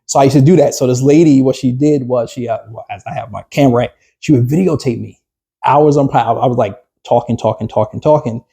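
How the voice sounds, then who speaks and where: A man's voice: medium pitch, brisk, gravelly, dark tone, slightly rough. A man, a business coach, giving a casual workshop talk to a small group, rambling with fillers and restarts and putting questions to the group.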